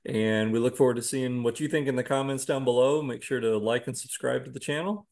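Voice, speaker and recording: Very deep-voiced woman signing off. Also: fairly quick. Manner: relaxed, wraps up the show. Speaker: podcast co-host. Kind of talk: casual chat. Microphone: video call.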